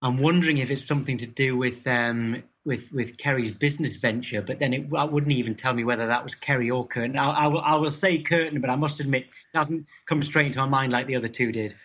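A man's voice: mid-range voice, fast, hardly any pauses, fairly bright tone, breathy edge, dull audio. A man from North East England, chatting as an interview guest, often repeating words as he starts sentences. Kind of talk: casual interview chat.

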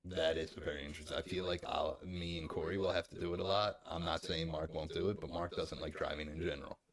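A man's voice: sits low, fairly even intonation, quick pace. A man hosting a podcast in casual chat, laid-back and ending sentences with "man". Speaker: podcast host.

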